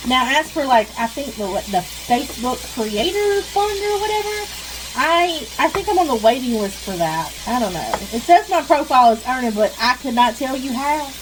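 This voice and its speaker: A woman's voice: sits high, big pitch swings, normal speed. A woman, rambling and venting in casual chat while she cooks at home. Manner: chatty, venting, rambling with sighs. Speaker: vlogger. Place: home kitchen. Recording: noisy kitchen with frying sizzle. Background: sizzling frying pan.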